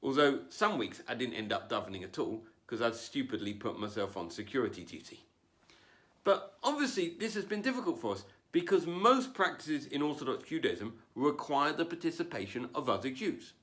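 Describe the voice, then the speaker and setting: Wry stand-up comedian, lively pitch. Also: male voice, moderate pace. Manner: wry, self-deprecating delivery with put-on voices. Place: home, performing without an audience.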